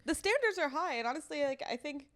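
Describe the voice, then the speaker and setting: A young woman co-hosting a casual podcast chat, in a voice sitting a little above the usual female pitch. She swears freely and breaks into laughter, talking in quick, loose bursts. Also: expressive, a bit bright. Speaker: podcast co-host.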